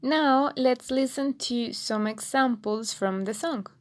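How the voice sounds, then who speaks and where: A woman teaching a beginner language lesson, patiently repeating words slowly and clearly for learners. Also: on the high side. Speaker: Spanish teacher.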